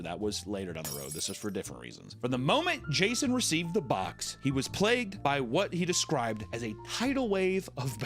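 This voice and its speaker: Young male podcast host, comedic storyteller, swears freely, pitch leaps around, faint music underneath. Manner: animated, joking, swears freely, acts out voices.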